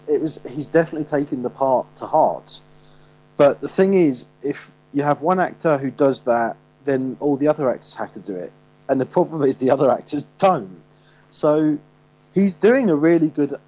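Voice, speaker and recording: A man's voice: fairly high pitch, warm tone, poor audio. A man co-hosting a film review show, talking casually with frequent restarts and fillers. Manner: rambling, many restarts and fillers.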